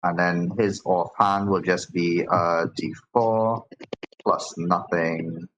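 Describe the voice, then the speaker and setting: A man's voice: sits low, fairly even intonation, slow pace, fairly bright tone, a little hiss or hum, poor audio. A man acting as game master, narrating a tabletop game in a casual way with many fillers and restarts.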